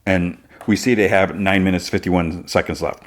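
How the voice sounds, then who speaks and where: A man's voice: low-pitched, fairly even intonation, moderate pace. A man hosting a podcast, retelling a TV episode in casual talk full of "like" fillers. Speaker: podcast host.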